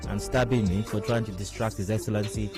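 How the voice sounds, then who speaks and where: A man's voice: lowish voice, fairly even intonation, fairly quick, over loud music. A man hosting a talk radio show, making wry, rhetorical commentary and repeating phrases for emphasis. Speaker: radio host. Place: radio studio.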